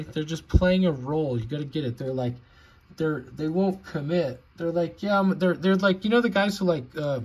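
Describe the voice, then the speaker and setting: A man ranting in a vlog, angry and sarcastic, swearing heavily. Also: a little high. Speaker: vlogger.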